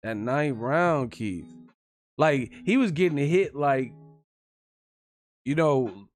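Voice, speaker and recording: A man hosting a live stream, giving casual, profane fight commentary, animated and quick to laugh. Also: mid-range voice. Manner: animated, profane, laughing, breaks into yelled impressions.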